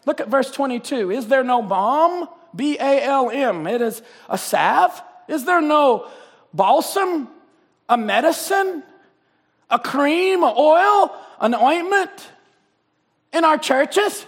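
A man preaching a sermon in a church, swinging between fervent shouting and quiet scripture reading. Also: very high voice, expressive, slow pace. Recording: reverberant church sanctuary.

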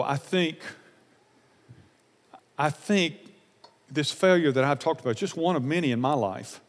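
A man preaching a sermon as a pastor, earnest and emotional, repeating phrases and swinging from loud emphasis to soft confession. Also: mid-range voice, long reverb tail.

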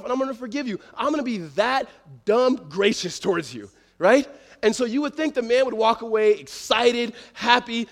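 A man preaching a sermon as pastor, conversational and animated, retelling scripture in everyday slang and swinging between loud and soft delivery. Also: high-pitched, long reverb tail.

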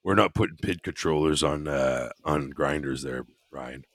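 Deep-voiced man, teasing podcast banter. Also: moderate pace, no echo, clean studio sound. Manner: teasing, prone to laughing fits. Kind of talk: casual chat.

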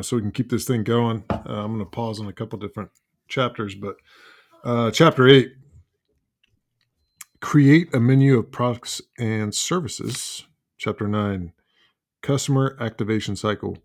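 A man hosting a casual podcast interview, talking in a relaxed, low-key way with musing asides. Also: normal speed. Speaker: podcast host.

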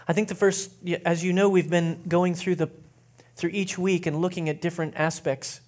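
Casual-talking male pastor. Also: high-pitched. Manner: relaxed, chatty with fillers, slows for reading. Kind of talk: sermon.

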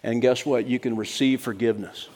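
A man's voice: mid-range voice, fairly even intonation, fairly quick, darkish tone. A middle-aged man preaching a sermon as pastor, talking in a conversational, practical way and checking in with "right?" asides.

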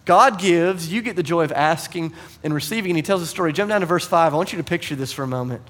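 Animated storytelling pastor, man, higher voice. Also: quick pace. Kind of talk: sermon. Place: church.

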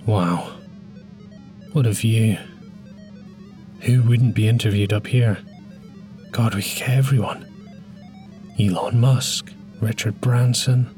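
An actor playing a frustrated young podcaster, exasperated and sarcastic with deadpan asides. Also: male voice, fairly low pitch, takes it slowly, pauses often, faint music behind. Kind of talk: comedy sketch acting.

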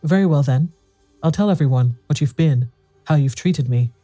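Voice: mid-range voice, moderate pace, soft background music, close to an everyday voice. A narrator reading a fiery, proud young wife. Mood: bitter. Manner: pleading, then sharp and bitter. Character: quarrelsome young wife, proud and quick-tempered. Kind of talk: audiobook dialogue reading.

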